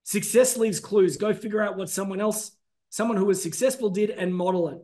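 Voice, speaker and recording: A man presenting a business masterclass, energetic and emphatic, calling out to his audience. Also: sits high, a little fast. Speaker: business trainer.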